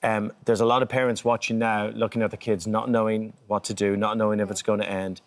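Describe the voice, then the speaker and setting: A man co-hosting, asking gentle, sympathetic questions. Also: on the low side, flat delivery, fairly quick.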